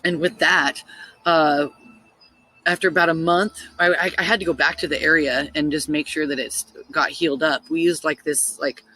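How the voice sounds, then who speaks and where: A woman casually telling a story, excitable and full of "like" fillers, acting out her own thoughts in quotes. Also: sits low, moderate pace, husky, low-quality recording. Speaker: spiritual storyteller.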